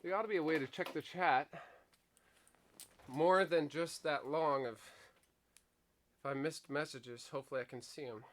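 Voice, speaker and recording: A man's voice: fairly high pitch, unhurried, pauses often, fairly bright tone. A young adult man livestreaming, goofing around in a silly, playful way, sounding winded and tired with a worn-out voice. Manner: silly, playful, breaks into yelps and put-on bits. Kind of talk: goofy livestream chat with skits.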